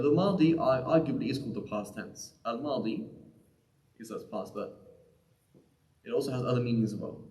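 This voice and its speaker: A man's voice: medium pitch, a little mellow. A man giving a live lesson on Quranic Arabic in a conversational way, often asking "right?" and restarting his sentences. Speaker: teacher. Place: mosque or community center room. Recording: echoey room.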